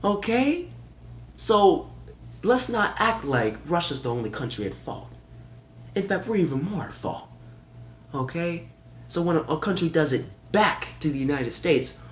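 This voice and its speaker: A man's voice: very animated, a little slow, long pauses, slight background noise. Heated sarcastic man in an echoey room. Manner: heated, sarcastic, rhetorical questions, swings from loud to low; casual, swears, says y'all. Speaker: political commentator. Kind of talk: opinion monologue.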